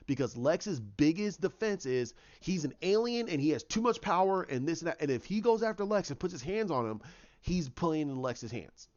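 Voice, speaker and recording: His voice on the high side and a little mellow, this man casually walks through a movie idea he came up with. The dull lo-fi audio captures him rambling, frequently restarting and filling gaps with fillers.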